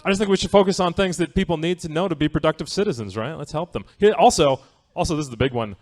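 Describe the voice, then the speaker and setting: Fast and animated, a man with a higher-pitched, darkish voice works a theatre stage doing stand-up. His delivery is casual and wry, and he keeps looping the audience in with a quick "right?"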